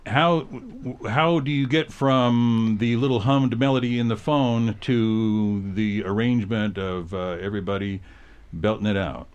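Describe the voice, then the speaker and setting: A man's voice: lowish voice, unhurried, few pauses, clear, resonant tone, dull audio. An older man hosting a radio interview in a studio, talking in a rambling, reflective way with many fillers. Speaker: radio DJ host.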